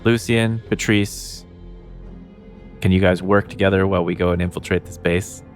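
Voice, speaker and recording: A man's voice: sits low, steady tone, moderate pace, faint music behind. A man playing a tabletop game, chatting casually and coaxing the others along. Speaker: player.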